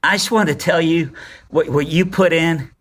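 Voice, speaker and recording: Here a man in his forties, fairly high-pitched and moderately paced, appears as a podcast guest. His personal story comes out in casual talk, delivered with animation as he performs the lines of the people in it.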